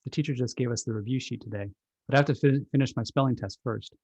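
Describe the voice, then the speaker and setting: A man voicing an exasperated school-age child who protests about homework before a test, with a slightly husky tone. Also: mid-range voice, fairly even intonation, fast, darkish tone, no echo, highs cut off. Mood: calm. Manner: whiny, protesting.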